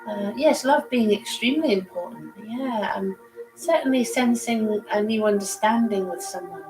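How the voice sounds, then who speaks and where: A woman's voice: mid-range voice, moderate pace, poor audio. Chatty woman tarot reader over music. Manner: chatty, rambling, laughs easily. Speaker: psychic reader on a livestream. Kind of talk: casual livestream tarot reading. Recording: music playing behind.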